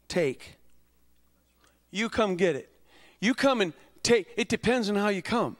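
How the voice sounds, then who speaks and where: A man pastor preaching a sermon, building from calm teaching to impassioned, high-pitched climaxes. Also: unhurried, pauses often.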